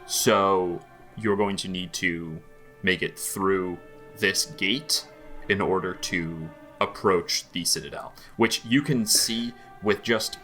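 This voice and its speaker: A man's voice: low voice, takes it slowly, pushed and bright, faint music behind. A man running a tabletop game as game master, narrating loosely with lots of fillers and restarts.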